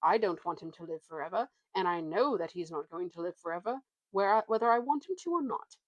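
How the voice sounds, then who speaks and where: A woman's voice: fairly low pitch, expressive, brisk, dry recording, highs cut off. A woman voicing a proud male talking warhorse, haughty and lofty, drawing out her words.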